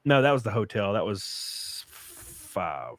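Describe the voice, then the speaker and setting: A man hosting a podcast in casual chat, rambling and swearing, his voice jumping up when he gets excited. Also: fairly low pitch, takes it slowly, no echo. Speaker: podcast host.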